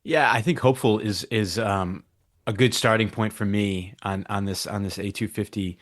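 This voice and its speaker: A man's voice: on the low side, fairly even intonation, moderate pace, fairly bright tone. A man speaking as a reporter guest on a radio talk show, thoughtful and searching for words.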